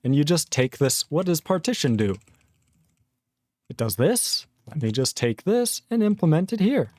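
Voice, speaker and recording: A young man in his twenties ranting casually on a live-coding stream, reading chat aloud, animated and sweary. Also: fairly high pitch, normal speed, no echo, studio quality. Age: 20s.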